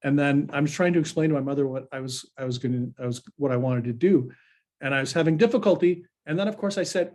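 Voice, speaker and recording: A man guest telling lively personal stories in a casual podcast chat. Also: a little high, fast talker. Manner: animated anecdotal, frequent fillers. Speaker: pollster and guest.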